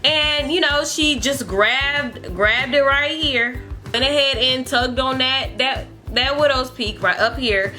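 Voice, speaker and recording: A woman's voice: high-pitched, takes it slowly, bright, forceful tone, soft background music. A young woman vlogger telling a storytime in a chatty, exasperated way with lots of fillers. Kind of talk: storytime vlog.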